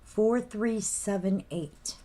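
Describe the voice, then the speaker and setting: A woman's voice: mid-range voice, warm tone. Chatty woman hosting a live sale. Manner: chatty, reads out item names and numbers slowly. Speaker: host of a live figurine sale. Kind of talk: casual live-sale chat.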